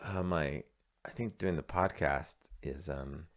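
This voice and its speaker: A man with a notably deep, low voice co-hosting a podcast. He tells rambling stories in casual chat, circling back and restarting his sentences as he goes. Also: slow. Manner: rambling, storytelling, many fillers and restarts. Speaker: podcast co-host.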